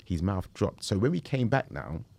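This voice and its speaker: A man, telling a story in a casual interview, animated and slangy. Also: on the low side, normal speed, creaky. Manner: animated, slangy, acts out quotes. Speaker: travel group founder.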